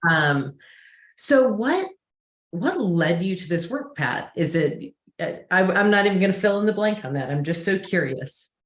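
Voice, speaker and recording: A woman's voice: on the low side, big pitch swings, measured pace, roomy sound. A woman hosting an interview series, responding with enthusiasm and affirmation. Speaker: series host.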